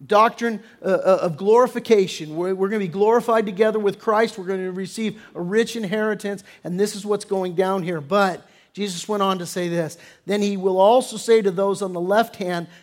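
High-voiced man preaching emphatically. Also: steady tone, normal speed, hardly any pauses. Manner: emphatic preaching with sudden loud stresses and drops; acts out quoted attitudes in character. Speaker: pastor. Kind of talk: sermon.

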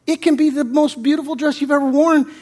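A man's voice: very high voice, fairly even intonation, a little fast, a little mellow, voice pushed up. A male pastor acting out an exasperated husband who protests the cost of his wife's dress, as part of a joke in a sermon. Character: exasperated husband balking at a price tag.

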